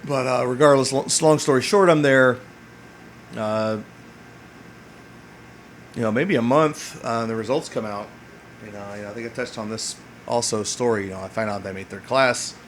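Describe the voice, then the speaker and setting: A man's voice: mid-range voice, normal speed, long pauses, slight background noise. A man in his forties, a Navy veteran hosting a podcast, who tells a rambling story full of swearing, fillers and restarts. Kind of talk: casual storytelling monologue.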